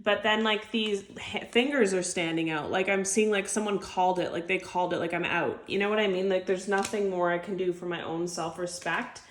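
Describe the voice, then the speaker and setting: A woman's voice: medium pitch, fairly even intonation, brisk, hardly any pauses. A woman giving an intuitive tarot reading to camera, chatty and heartfelt, full of filler words. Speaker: tarot reader. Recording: echoey room.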